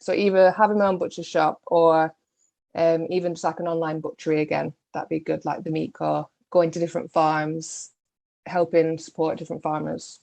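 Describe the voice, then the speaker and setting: A chatty woman guest on a podcast with a low, gravelly voice. She talks casually and breaks into laughter often. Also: little pitch movement, moderate pace, a little mellow. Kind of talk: casual interview chat.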